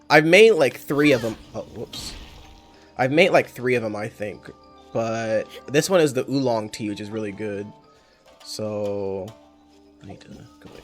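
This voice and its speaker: A young man with an ordinary middle-pitched voice chats loosely while he plays a game. He wanders off-topic, restarts his sentences and swears freely. Faint music plays softly behind him. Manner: rambling, self-correcting, swears freely. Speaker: game streamer. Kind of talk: casual chat while playing a game.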